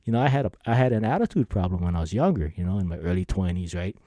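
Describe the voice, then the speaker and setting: A man's voice: low voice, very fast, dry recording, studio quality. A man hosting a podcast, telling rambling stories in a casual way, laughing often and acting out what people said. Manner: rambling, animated, acts out quoted lines. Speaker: podcast host. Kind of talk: casual storytelling monologue.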